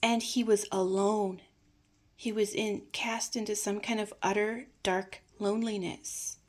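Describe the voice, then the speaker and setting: An older woman telling a personal family story in a slow, reflective way, sometimes dropping to hushed asides. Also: mid-range voice, level tone.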